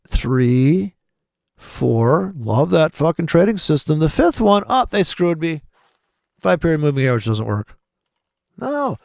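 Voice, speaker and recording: A man's voice: fairly high pitch, vocal fry, a little mellow, dry recording, clean studio sound. A man giving rambling, profane, sardonic commentary over trading charts, muttering asides and often laughing to himself. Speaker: trading video host.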